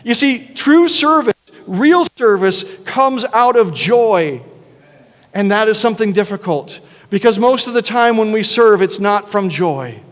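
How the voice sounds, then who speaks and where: A pastor preaches in a church sanctuary with a high voice, lively intonation, and measured pace, all carried by a long reverb tail. He speaks earnestly and conversationally, often restarting his words.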